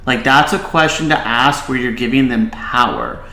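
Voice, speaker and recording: A man's voice: a little high, normal speed, hardly any pauses, bright, forceful tone, echoey room, rough recording. A man, a child behavior specialist, giving casual reaction commentary and advice, with many filler "likes".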